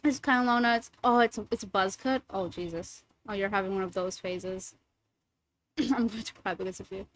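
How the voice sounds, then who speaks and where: A young woman streamer chatting casually with her viewers, playful and teasing, sometimes giving soft, gentle affirmations. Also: medium pitch, normal speed, poor audio. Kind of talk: casual livestream chat with viewers.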